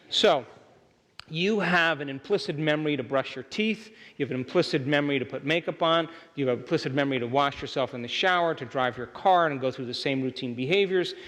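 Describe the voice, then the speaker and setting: Long hall reverb surrounds a man's slightly bright, mid-range voice as he lectures a live workshop audience. His motivational talk is emphatic, and he often checks whether listeners are still following him.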